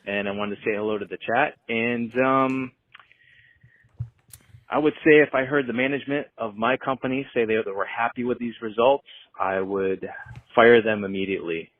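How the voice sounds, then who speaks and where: A man's voice: medium pitch, moderate pace, no room sound. A man calling in to a sports show who talks bluntly and dryly. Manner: lively, blunt, dry. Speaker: caller. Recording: dry tinny phone line.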